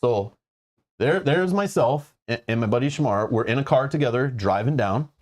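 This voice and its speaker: A man's voice: mid-range voice, lively intonation, normal speed, a little mellow. A man hosting a casual live-stream chat. He rambles through stories, jokes a lot and uses plenty of fillers. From Canada. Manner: rambling storyteller with many fillers, joking. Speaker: show host.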